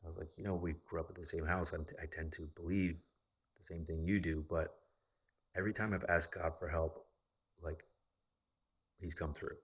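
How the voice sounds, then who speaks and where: A man's voice: low-pitched, moderate pace, long pauses, slightly rough. A young man casually telling a long story, swearing often and acting out what others said. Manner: profane, animated retelling of a story.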